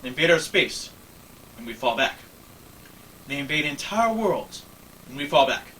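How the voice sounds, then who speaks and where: Brief: man voicing a grave, vengeful older male starship captain, bright tone, distant mic with faint noise. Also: on the high side, very animated, moderate pace. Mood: furious. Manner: grave, rising to furious declarations.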